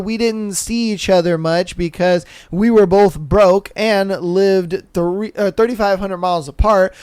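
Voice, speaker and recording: A slangy man hosts a podcast, chatting loosely and reacting to listener stories with a lot of swearing. His voice sits high and sounds smooth and clear, and the recording is dry and close. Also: dry recording. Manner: slangy, animated, swearing, laughs at his own jokes. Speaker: podcast host. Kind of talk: casual podcast chat reading listener stories.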